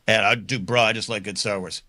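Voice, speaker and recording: A man's voice: fairly low pitch, steady tone, a little fast, sharp tone, dry recording, studio quality. A man giving a lecturing, exasperated monologue in a played-back video clip.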